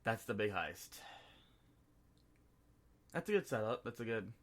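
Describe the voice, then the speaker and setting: A man's voice: on the low side, sing-song, unhurried, fairly bright tone. A man co-hosting a podcast, chatting casually about a film and acting out scenes as he retells them. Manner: rambling, acts out scenes in quoted voices. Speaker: podcast co-host. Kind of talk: casual movie review chat.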